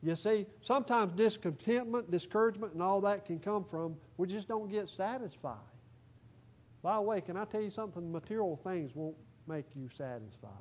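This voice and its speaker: A man preaching a sermon to his congregation, repeating phrases for emphasis and swinging between soft asides and loud declarations. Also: high voice. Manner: folksy, repeats phrases for emphasis, rises and falls in volume. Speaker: pastor. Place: church.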